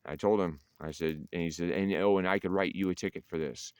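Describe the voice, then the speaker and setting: A man's voice: low-pitched, fairly even intonation, fairly quick, a little mellow, smooth, dry recording. A middle-aged man telling a story to camera in a blunt, profane, defiant way. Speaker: veteran vlogger. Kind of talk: casual monologue to camera.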